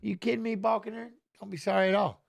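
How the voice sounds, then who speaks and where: Excitable high-voiced man calling a fight. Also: gravelly. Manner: excitable, talks fast over the action, shouts at fighters. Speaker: watch-along host. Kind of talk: live fight commentary and chat.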